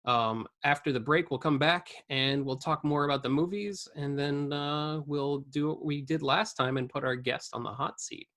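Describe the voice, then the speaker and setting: A man hosts a relaxed podcast over a video call, talking in a halting way with many fillers. His voice is bright and somewhat high. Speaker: podcast host. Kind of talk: casual podcast chat.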